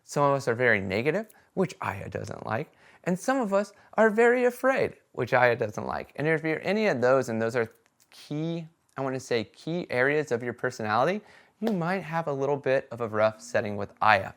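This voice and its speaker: Speaking at a normal pace in a medium-pitched voice, a man shares his experiences in a casual vlog. He tells his stories animatedly, performs the voices of people he quotes, and keeps dropping fillers like "right?" and "okay?".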